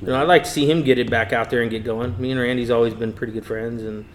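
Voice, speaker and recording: A man's voice: medium pitch, fast, slight background noise. A middle-aged man, telling a racing story in a casual interview and acting out the voices he quotes. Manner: animated storyteller, acts out quotes, laughs often. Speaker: interviewee, hot rod racer.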